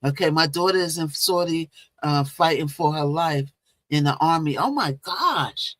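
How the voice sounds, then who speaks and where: A woman's voice: low-pitched, lively intonation, unhurried, a bit bright, dry recording. A woman hosting a casual live stream, chatting and repeating herself as she greets viewers. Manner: chatty, repeats phrases, talks to viewers directly. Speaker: livestream host.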